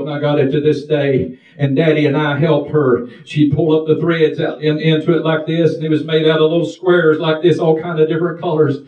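An older man preaching a fervent testimony sermon, shouting hallelujahs and whooping between stretches of storytelling. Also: a little high, lo-fi sound. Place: church sanctuary. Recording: echoey church from far off.

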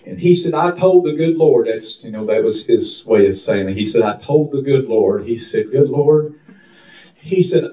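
A man's voice: medium pitch, animated, normal speed, warm tone. A man preaching in a church, fervent and rhythmic, repeating his phrases. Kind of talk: sermon. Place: church sanctuary. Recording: echoey hall from far off.

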